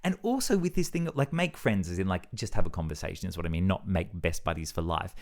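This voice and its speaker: A man's voice: sits low, animated, fast. A young man talks to the camera in a loose, reflective way. He rambles, breaks off and restarts his sentences, and fills the gaps with ums. His tone is self-deprecating throughout. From Australia. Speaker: vlogger. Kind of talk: casual reflective monologue.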